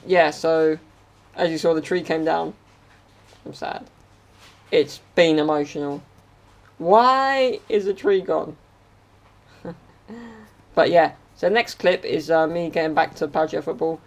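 Indoors at home, a young vlogger from England jokes around with a handheld camera in a casual chat, adding playful sound effects. He speaks a little slowly in a level tone with long pauses, and his voice is slightly high.

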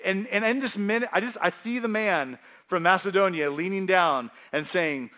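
A male pastor preaching a sermon in a conversational, animated way with casual asides. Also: high-pitched, moderate pace, hardly any pauses.

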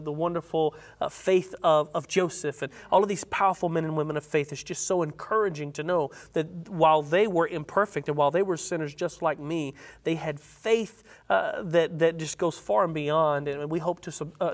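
A panelist on a Sabbath School Bible study panel, teaching in an earnest, halting way with many restarts, and reading scripture aloud with rising emphasis. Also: medium pitch.

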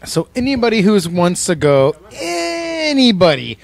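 A man's voice: a little high, lively intonation, moderate pace. A man telling a heated, profane story in casual chat among friends.

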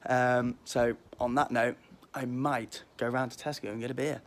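A man in his twenties with a mild Liverpool accent walks outdoors in a breezy back garden, filming a casual vlog on his phone amid faint wind noise. He's cheeky, rambling and self-deprecating in his jokes, delivering them flatly at normal speed and medium pitch.

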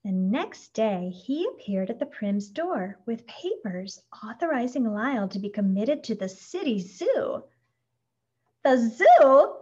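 A woman narrating a children's storybook in a gentle, expressive read-aloud. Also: medium pitch, unhurried, hardly any pauses, husky. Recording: dull lo-fi recording.

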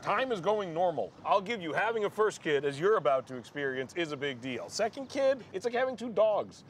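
A man's voice: sits high, very animated, a little fast, a little hiss or hum. An actor playing an anxious young father who gets defensive and exasperated. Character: anxious young father trying to stay calm.

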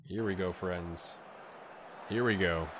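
A man doing a tired but excitable, jokey play-by-play while he plays a game on video, with asides to his viewers. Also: low voice, takes it slowly, background noise. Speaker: gaming YouTuber. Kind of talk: let's play commentary.

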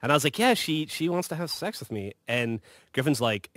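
Casual storyteller man, fairly high voice with lots of pitch swing, acts out every line. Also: moderate pace, no room sound. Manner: animated, swearing, acts out quoted lines. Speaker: podcast host telling stories.

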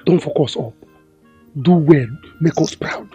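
Blunt palace aide. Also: male voice, fairly high pitch, unhurried, dark tone, breathy edge, faint music behind. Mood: instructing. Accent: Nigerian. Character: brisk, bossy male palace aide. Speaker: palace aide coaching a bride-to-be. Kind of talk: Nollywood film acting.

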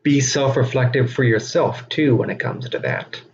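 A man giving a recorded teaching lecture, speaking slowly and deliberately with frequent fillers. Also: mid-range voice, creaky. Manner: slow, deliberate, self-aware delivery with frequent fillers. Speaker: instructor. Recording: dull lo-fi recording with faint noise.

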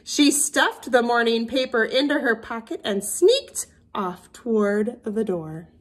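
A woman teacher reading a picture book to young children, with a fairly high voice that rises and falls in wide, lively swoops. She reads slowly, and her tone is a little husky. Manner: expressive storybook reading.

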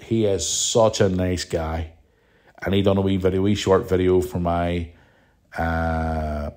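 A Northern Irish man with a deep, warm voice hosts a casual podcast. He rambles and chats freely, teasing his listeners as he goes. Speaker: podcast host.

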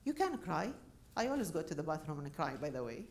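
A middle-aged woman with a Qatari accent gives a lively talk in a university hall, her pitch swinging widely as she laughs and jokes. Her English is a second language, and her delivery stays warmly conversational. A faint hum of room ambience sits behind her. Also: a little fast. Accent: Qatari Arabic. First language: Arabic. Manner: animated, laughing, chatty. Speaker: guest speaker. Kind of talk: public lecture.

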